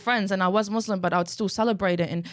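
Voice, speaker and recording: A woman's voice: mid-range voice, fairly even intonation, very fast, no echo, studio quality. A young woman from Iraq with an Australian tone, talking candidly and emphatically in a casual chat, swearing freely. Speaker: guest.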